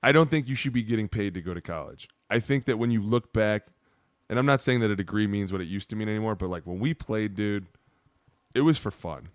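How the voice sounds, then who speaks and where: A fast, loose storyteller, this man in his thirties talks in a low voice and swears freely as he chats. The sound is dry and close, with no room around it. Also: no room sound. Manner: loose, profane, animated storyteller. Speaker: podcast co-host, former player. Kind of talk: casual storytelling chat.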